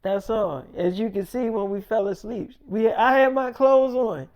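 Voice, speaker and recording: A man's voice: sits high, normal speed, a little mellow. A man telling an improvised story in a casual, profane, rambling way and acting out the voices of the people in it.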